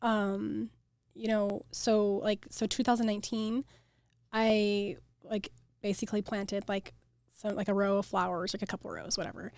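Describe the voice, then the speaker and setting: A young woman with an American accent, a flower farm owner chatting as a guest, animated and full of "like" fillers. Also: medium pitch, normal speed, vocal fry, no room sound. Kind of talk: casual interview chat.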